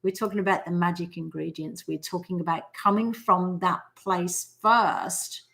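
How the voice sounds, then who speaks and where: A woman's voice: lowish voice, steady tone, moderate pace, gravelly, a bit bright. Australian woman, 40s, live-stream host, chatty storyteller. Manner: chatty storyteller who acts out quotes. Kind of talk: casual live-stream talk on manifesting.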